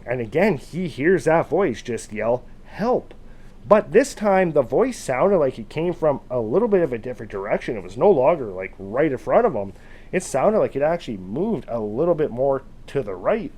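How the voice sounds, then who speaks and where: A man casually retelling a true scary encounter, loosely phrased with fillers, now and then shouting out quoted calls. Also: a little high. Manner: casual, conversational, with fillers like "kind of" and "like". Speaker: storyteller.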